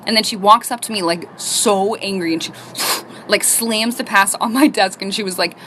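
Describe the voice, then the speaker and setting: A young woman telling a storytime in a casual, animated way, swearing freely. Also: mid-range voice, normal speed, a little hiss or hum.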